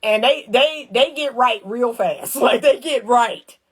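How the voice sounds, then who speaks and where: With a slightly high, breathy-edged voice and a slow pace, a woman gives casual, animated relationship commentary straight to her viewers. She speaks colloquially, repeats phrases for emphasis and dramatizes little scenes.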